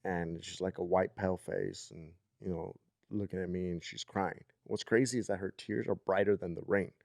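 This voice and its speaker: A man's voice: deep voice, steady tone, normal speed, vocal fry, a little mellow, no echo, clean studio sound. A man in his thirties co-hosting a podcast, telling a story in a rambling, casual way with many "like"s and "okay?"s. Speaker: podcast co-host.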